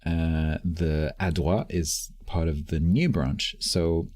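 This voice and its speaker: Deep, husky-voiced man explaining a game. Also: fairly even intonation, slow pace, a little mellow, no echo. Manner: dry, joking, explains patiently with restarts. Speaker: streamer teaching a new player. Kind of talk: casual gaming stream chat.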